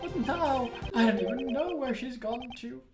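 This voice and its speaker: A genial older man who runs the police committee, folksy and fond of his son, as a woman puts him on. His voice rolls through lively swings of pitch. Music plays under an echoey room. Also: normal speed. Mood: jovial. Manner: warm, grandfatherly, folksy. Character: older male police chairman, jovial doting father.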